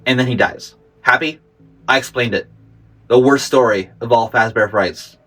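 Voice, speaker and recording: A man's voice: medium pitch, normal speed, bright, forceful tone, slightly rough, faint music behind. A man, the channel host, acting exasperated and whiny in a comedy skit, his voice nasal from a cold.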